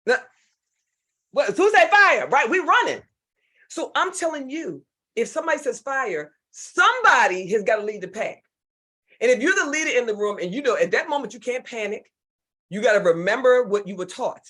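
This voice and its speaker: A woman from the United States with a Southern drawl, leading an online leadership workshop in a lively, folksy and playful way. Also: a little high, brisk, breathy edge. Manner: animated, folksy, playful, repeats herself. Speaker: leadership speaker. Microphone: computer mic on a video call.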